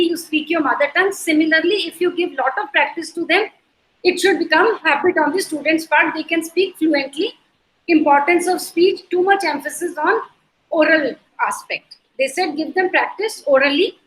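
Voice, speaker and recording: A woman with an Indian accent teaches an online lecture over a video call, mixing in Hindi. She explains through repeated examples and checks that students follow, her high-pitched, fairly bright voice echoing in the room.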